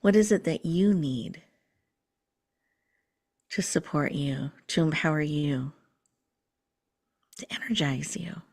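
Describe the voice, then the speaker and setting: A woman host leading a slow, soothing guided breathing meditation, sometimes dropping to a whisper. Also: low voice, a little mellow, husky.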